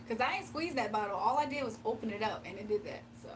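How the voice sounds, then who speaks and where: A woman's voice: a little high, recorded from a distance, background noise. A woman from the US East Coast chatting casually on a morning live stream, laughing often and reading viewer comments aloud. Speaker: live-stream tarot reader. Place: home, early morning.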